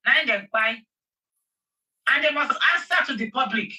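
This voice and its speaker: A Nigerian woman pours out heated commentary, piling up repeated phrases and raising her voice to a shout. Her tone is bright and cutting. She sounds set back from the mic. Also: on the high side, normal speed, pauses often, far from the mic, low-quality recording. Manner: passionate, shouting, emphatic repetition. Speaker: host.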